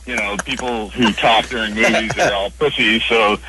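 A man's voice: lowish voice, fairly even intonation, normal speed, very noisy. A man calling into a radio show, telling a story in a blunt, laid-back way. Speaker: caller. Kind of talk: phone-in story.

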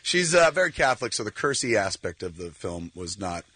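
Husky-voiced guest in his forties, middle pitch, dry close recording; acts out quotes while telling stories. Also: a little fast, dry recording. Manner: animated storyteller, acts out quotes. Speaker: filmmaker guest. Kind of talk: casual talk-show storytelling.

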